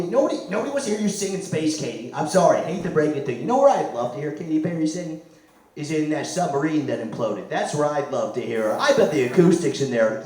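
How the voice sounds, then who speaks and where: Hoarse comedy dude yelling crude jokes, lots of room echo, mic kinda far. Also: male voice, a little high. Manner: loud, crude, rambling jokes. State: losing his voice. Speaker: stand-up comic. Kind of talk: stand-up comedy set. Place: comedy club stage.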